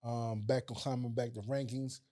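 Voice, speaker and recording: A man's voice: mid-range voice, flat delivery, normal speed, dark tone. A man, a boxer guest talking bluntly and laughing, often stammering. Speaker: heavyweight boxer, podcast guest. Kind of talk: casual chat.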